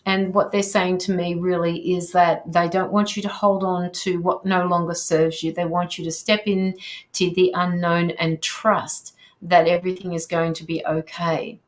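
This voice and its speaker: A woman's voice: fairly low pitch, level tone, normal speed. A woman hosting a live tarot reading, reading viewer comments aloud and reassuring the sitter, with frequent ums and restarts. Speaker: tarot reader hosting a livestream.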